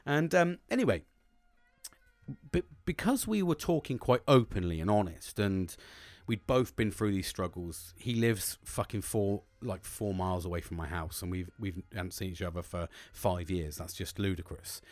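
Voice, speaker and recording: A man's voice: deep voice, lively intonation, normal speed, no echo. A man in his forties talking candidly and at length, sweary and rambling as he opens up. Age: 40s. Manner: sweary, rambling, emotional openness. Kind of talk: candid casual monologue.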